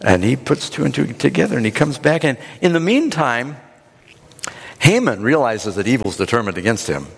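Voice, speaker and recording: A man preaching a sermon, retelling a scripture story in an animated, dramatic way. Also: medium pitch, moderate pace, vocal fry, husky, big-room sound. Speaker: pastor.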